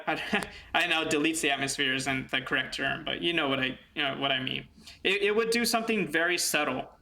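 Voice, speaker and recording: A man's voice: a little high, pushed and bright. A man talking through his ideas in an unscripted monologue, rambling with fillers and restarts and thinking aloud. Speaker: video essay host.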